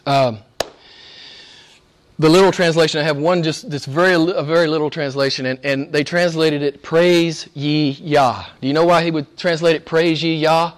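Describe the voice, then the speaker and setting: Speaking a little fast with fairly even intonation, this pastor's fairly high voice carries a conversational sermon. He chuckles through asides and shifts between hushed whispers and loud, emphatic peaks.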